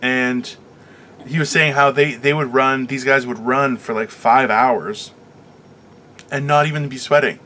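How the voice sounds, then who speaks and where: A man's voice: mid-range voice, steady tone, measured pace, pushed and bright, slight background noise. A man hosting a comedy podcast in a casual rant, rambling through stories with lots of fillers and restarts, and teasing his co-host playfully. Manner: rambling, filler-heavy storytelling.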